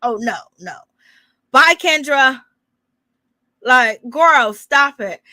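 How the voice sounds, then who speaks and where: Sassy high-voiced woman gossiping. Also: animated, very slow, sharp tone, no room sound. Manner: laughs often, sassy and teasing. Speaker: gossip channel host. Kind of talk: casual gossip commentary.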